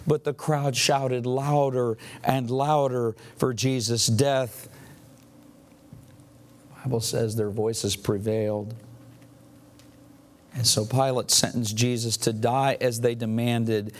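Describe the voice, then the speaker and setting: A man's voice: mid-range voice, steady tone, takes it slowly, long pauses. A man preaching a sermon, retelling scripture dramatically and acting out the quoted lines. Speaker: pastor.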